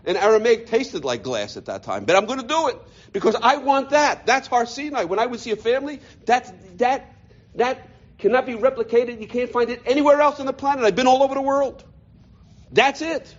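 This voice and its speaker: A man, a rabbi from the United States, telling his life story in an animated way, often repeating words as he goes. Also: extremely high pitch, fairly quick, dull audio. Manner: animated, repeats words, voices quoted people. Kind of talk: personal storytelling talk.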